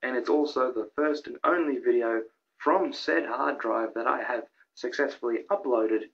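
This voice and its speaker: A young man talks in a casual, rambling way, getting excitable and tripping over his words as he restarts sentences. His voice sits at an ordinary pitch, and the home recording sounds a little dull and lo-fi. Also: normal speed, gravelly. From Australia. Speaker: YouTuber presenting a countdown of his own videos. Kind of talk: casual vlog commentary.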